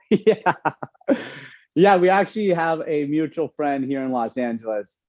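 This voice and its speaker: Animated male speaker with a mellow tone, on slightly dull, dry audio. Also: fairly high pitch, a little slow, dry recording. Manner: animated, chatty, lots of fillers. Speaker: incoming resident physician giving a talk. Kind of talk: casual storytelling talk.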